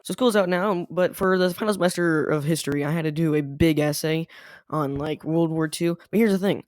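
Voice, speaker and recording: Fast-talking young man rambling over gameplay. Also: fairly high pitch, no room sound. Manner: rambling, lots of "like" fillers. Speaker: gaming channel host. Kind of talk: casual storytelling over gameplay.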